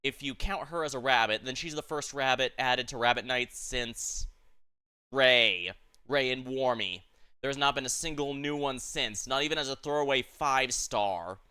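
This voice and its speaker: A man reads a game story aloud on stream, breaking in with chatty asides. His voice is bright and smooth, at an ordinary male pitch. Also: moderate pace. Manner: chatty, self-correcting. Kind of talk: reading a story aloud with commentary.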